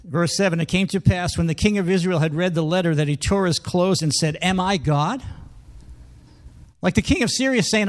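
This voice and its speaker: A man's voice: sits high, brisk. A man preaching a sermon in a conversational, emphatic way, reading scripture and acting out quoted speech.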